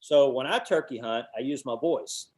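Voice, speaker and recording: A man, teaching a webinar and telling hunting stories, now and then hooting owl calls out loud. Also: medium pitch, moderate pace. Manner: animated storyteller, hoots owl calls with his voice. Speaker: guest instructor, call maker.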